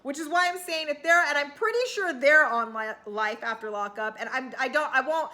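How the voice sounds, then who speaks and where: Woman recap vlogger, high and bright, sarcastic and rambling, casual delivery. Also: brisk. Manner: chatty, sarcastic, rambling with fillers and occasional cussing.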